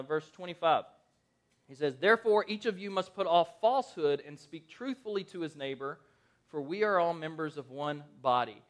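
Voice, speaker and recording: Male pastor, thirties, high-pitched, casual and conversational sermon style. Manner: conversational and animated, asks the congregation questions.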